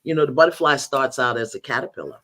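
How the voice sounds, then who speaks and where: A woman's voice: extremely low pitch, expressive, fast, a bit bright, slight background noise. An older woman, a guest teacher in a spiritual conversation, telling stories expressively, acting out bits of dialogue and laughing often.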